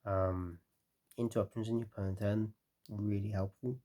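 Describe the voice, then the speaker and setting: A tired man talking casually through a card game deck, relaxed and rambling with lots of fillers. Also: on the low side, normal speed.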